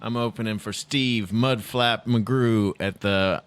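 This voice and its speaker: Joking podcast co-host. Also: male voice, on the low side, fairly even intonation, takes it slowly, clear, resonant tone. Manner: joking, teasing. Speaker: co-host, stand-up comedian. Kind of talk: casual podcast banter.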